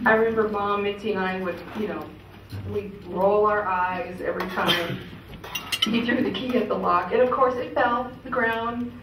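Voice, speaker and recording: Woman telling stories at a memorial, laughs a lot, sounds far off in a big echoey room. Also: medium pitch. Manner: chatty, laughing, many fillers. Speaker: memorial speaker. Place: event hall. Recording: echoey hall, distant mic, ambient noise.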